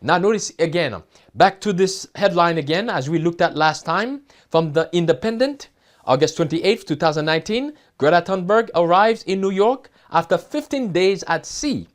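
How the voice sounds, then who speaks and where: A man's voice: high-pitched, expressive, moderate pace. A man preaching a sermon, reading headlines and scripture quotes aloud and asking his listeners questions. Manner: emphatic, asks the audience questions. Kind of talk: sermon reading news and prophecy.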